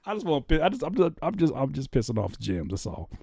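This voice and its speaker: A man hosting a live music feedback stream, joking, cursing and animated as he reacts to songs. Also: fairly high pitch, fast talker, creaky, few pauses, husky, dry recording, studio quality.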